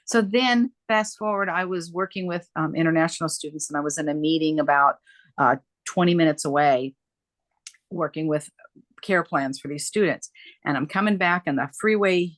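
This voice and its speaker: Animated middle-aged woman telling a story. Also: low-pitched, moderate pace, no room sound. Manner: animated, emphatic, repeats phrases for effect. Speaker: guest, dementia care coach. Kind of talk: conversational interview storytelling.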